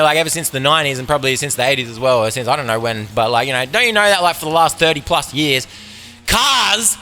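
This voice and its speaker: Australian man, podcast host, bright edgy voice, profane sarcastic rant, faint music behind. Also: fairly high pitch. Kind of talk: casual comedic rant.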